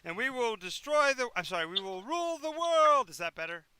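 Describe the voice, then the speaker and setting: A man's voice: very high voice, big pitch swings, brisk, pushed and bright, clear, resonant tone, dry recording, voice pushed up, heavily acted. A man voicing a grandiose, scheming undead lich who swings between villainous boasts and sheepish apologies. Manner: melodramatic villain proclamations, then sheepish backpedaling.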